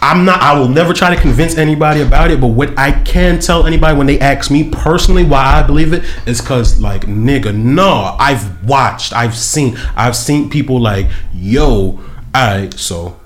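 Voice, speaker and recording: A man's voice: mid-range voice, normal speed, hardly any pauses. A man hosting a podcast, telling stories in casual chat full of slang and profanity. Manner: storytelling, profane slang, animated. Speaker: podcast host.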